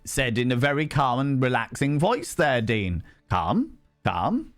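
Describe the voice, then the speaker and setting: A man chatting casually with viewers as a livestream host, playful and theatrical, swearing freely and swinging between shouts and hushed asides. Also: medium pitch, big pitch swings, unhurried, faint music behind.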